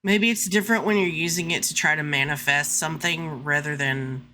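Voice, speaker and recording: Low, bright-voiced woman co-host. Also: a little fast, slight background noise. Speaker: podcast co-host. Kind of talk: casual chat recapping a TV episode.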